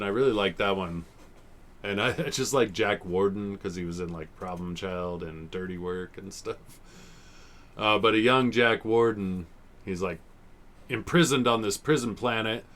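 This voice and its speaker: Low-voiced forties dude, casual podcast host, rambles and curses a bunch. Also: male voice, a bit bright. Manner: rambling, swearing, laughs often. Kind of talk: casual chat reviewing old TV episodes.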